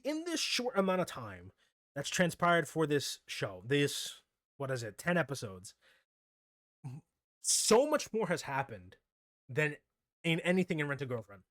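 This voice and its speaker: A man's voice: a little high, dry recording, studio quality. A man giving a casual, rambling anime review who gets heated and incredulous as he talks. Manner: excitable, grows heated and incredulous. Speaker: anime commentator.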